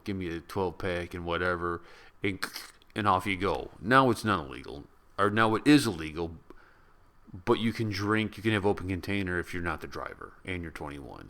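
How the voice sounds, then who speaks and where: A man's voice: low voice, sharp tone. An American man giving a casual, rambling movie review, chatty and laughing at his own stories. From United States.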